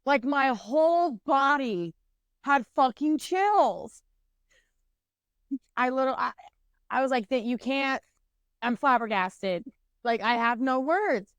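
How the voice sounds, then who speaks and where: A woman in her twenties co-hosting a podcast, telling a story in casual, animated chat and swearing freely. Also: high-pitched, slow, long pauses, clean tone, no room sound. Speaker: podcast co-host.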